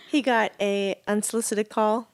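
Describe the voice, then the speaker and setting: A woman co-hosting a casual podcast, telling stories animatedly and laughing often. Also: mid-range voice. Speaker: podcast co-host and medium. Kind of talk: casual chat.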